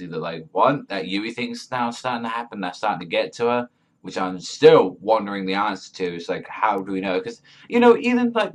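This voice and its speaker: A man giving a casual, profane review, rambling with lots of fillers and swearing. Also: medium pitch. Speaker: manga reviewer.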